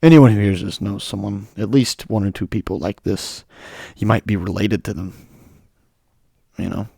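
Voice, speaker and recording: Hoarse young man ranting bluntly. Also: lowish voice, moderate pace, dark tone, no room sound, clean studio sound. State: hoarse from a cold. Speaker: podcast host. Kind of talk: solo podcast monologue.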